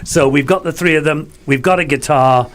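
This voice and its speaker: A man hosting a casual radio interview in a studio, chatty and quick to chime in with agreement. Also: a little high, fairly bright tone, a little hiss or hum. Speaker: radio host.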